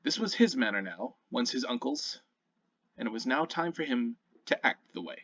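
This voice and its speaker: A man narrating a tabletop game as game master, descriptive and animated, with occasional self-corrections, on a muffled lo-fi recording. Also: mid-range voice, normal speed, breathy edge, dry recording.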